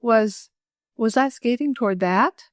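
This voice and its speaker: A woman's voice: a little slow, no echo, natural voice. A woman voicing a shy, tearful teenage girl who stammers and hesitates, in an audiobook reading. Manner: stammering, hesitant, low-voiced.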